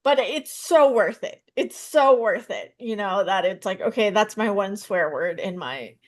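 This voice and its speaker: A woman in her thirties, a stand-up comedian and psychotherapist, answering interview questions with animated storytelling. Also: medium pitch, unhurried. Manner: animated storytelling, acts out voices in her jokes.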